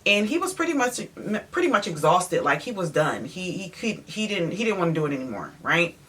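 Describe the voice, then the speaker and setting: A woman interior designer telling a story in an animated, emphatic way, speaking straight to her viewers. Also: on the low side, brisk. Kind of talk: storytime vlog.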